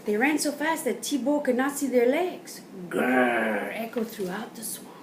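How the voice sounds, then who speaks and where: A woman reading a picture book aloud to children, pausing to point at pictures and explain words. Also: a little high, sing-song. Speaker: storyteller. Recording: roomy, from a distance, faint background noise.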